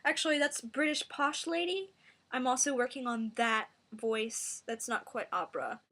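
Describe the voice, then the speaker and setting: A woman giving a mock singing tutorial in a deadpan, rambling, self-serious way. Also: a little high, unhurried.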